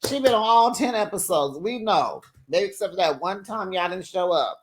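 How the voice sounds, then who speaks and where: A woman's voice: medium pitch, expressive, moderate pace, a little hiss or hum. A woman hosting a reality TV recap, talking in a sassy, casual way and often laughing.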